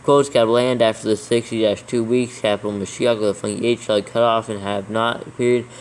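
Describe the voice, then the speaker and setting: A man reads a passage aloud at a careful, deliberate pace, naming each punctuation mark and capital letter as he goes. His voice stays level and flat throughout. A faint hiss of noise sits under the recording. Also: on the low side, poor audio. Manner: slow deliberate dictation. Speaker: proofreader dictating scripture. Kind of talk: reading text aloud with punctuation dictated.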